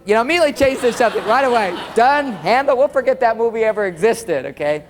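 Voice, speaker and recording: Lively male seminar speaker, talks right at the crowd, playacts little exchanges; long hall reverb, faint tape hiss. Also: very high voice, fast. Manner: animated, acts out quoted dialogue, addresses audience directly. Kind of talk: live seminar lecture.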